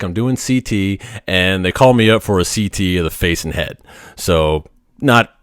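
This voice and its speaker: A man with a fairly low voice tells stories from his job as an X-ray tech. He talks in a laid-back, rambling way, with fillers and casual swearing. The sound is dry and close. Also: no echo. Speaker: Navy X-ray tech telling work stories. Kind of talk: casual storytelling vlog.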